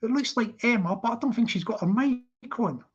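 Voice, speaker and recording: A man's voice: extremely high pitch, animated, brisk. A man hosting a casual live stream who rambles, repeats himself and laughs often. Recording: dull lo-fi stream audio.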